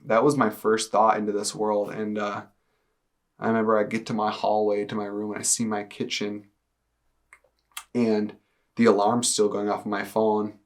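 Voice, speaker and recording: A young man telling his personal testimony in earnest, halting speech with many fillers. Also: on the low side. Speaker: testimony speaker.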